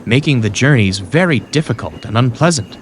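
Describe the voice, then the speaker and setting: A man narrating a children's storybook in a scripted, expressive way. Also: mid-range voice, a little fast, noisy background. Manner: expressive, voices every character. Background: music.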